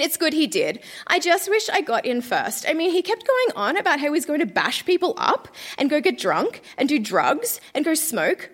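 A woman's voice: high-pitched, fairly bright tone. A young woman on a theater stage reading her teenage diary aloud in a melodramatic way, often breaking into laughter. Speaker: reader at a live storytelling show.

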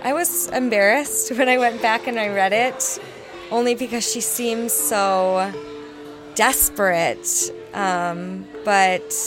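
A woman being interviewed backstage, talking earnestly and thoughtfully with pauses. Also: medium pitch. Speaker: interview guest.

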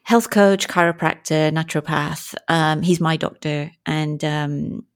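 A woman coach speaking as an interview guest, telling stories in an animated, frank way and acting out what people said. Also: sits low, unhurried. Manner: animated and frank, acts out quoted speech. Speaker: guest, movement and breathwork coach. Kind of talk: conversational interview storytelling.

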